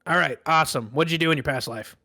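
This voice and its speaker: A man's voice: on the high side, fast, bright, forceful tone, no room sound, clean studio sound, heavily acted. A man voicing a jolly, chubby male pirate first mate who talks cheerily and brags. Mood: brisk. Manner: cheery, chatty, boastful.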